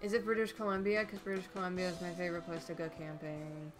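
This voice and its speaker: A woman's voice: on the low side, level tone, fast talker, soft background music. A woman co-hosting a casual game stream from home, chatting and reading out chat messages. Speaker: stream co-host.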